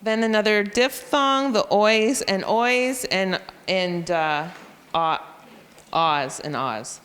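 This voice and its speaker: A woman teacher walks fellow educators through a phonics method, spelling letters and sounding them out slowly. Her explanatory talk has a long reverb, as if spoken in a large hall. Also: medium pitch, a bit bright. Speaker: reading intervention teacher. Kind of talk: professional development presentation. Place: school room or hall.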